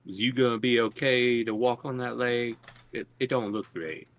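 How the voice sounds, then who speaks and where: A man's voice: medium pitch, fairly even intonation, moderate pace, fairly bright tone, natural voice. A man voicing a folksy male adventurer with a Southern US accent. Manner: drawling, folksy.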